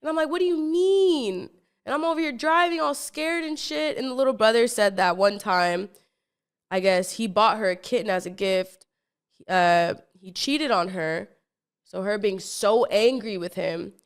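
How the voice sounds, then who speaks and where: A young woman in her twenties hosting a podcast, telling a wild personal story in a casual, rambling way, full of stumbles, restarts and fillers, acting out what people said. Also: lowish voice. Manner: animated, acts out what people said. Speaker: podcast host.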